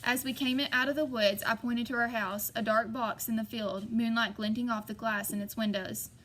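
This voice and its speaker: A woman's voice: on the high side, steady tone, normal speed, a bit bright, a little hiss or hum. A woman narrating a novel in the first person, voicing the characters lightly. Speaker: audiobook reader.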